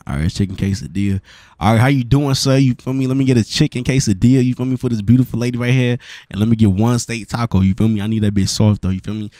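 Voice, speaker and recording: A young man with a New York accent, slangy and relaxed, roleplaying a date while sounding sick and stuffy. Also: medium pitch, fast, no echo. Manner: slangy, repeats "you feel me". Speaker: streamer playing a character. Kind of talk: casual roleplay chat.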